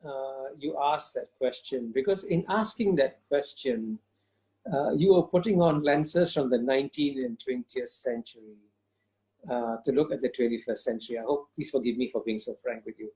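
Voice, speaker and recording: A man's voice: medium pitch, moderate pace, dark tone. A man giving an interview answer, emphatic and insistent, repeating phrases for stress and pressing his argument. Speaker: interview guest.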